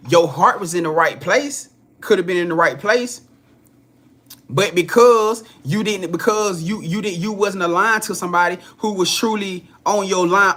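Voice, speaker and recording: A man's voice: sits high, sharp tone. A man giving a casual live-stream spiritual reading, talking straight to his viewers in a chatty, repetitive, profane way with frequent laughter. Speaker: spiritual card reader.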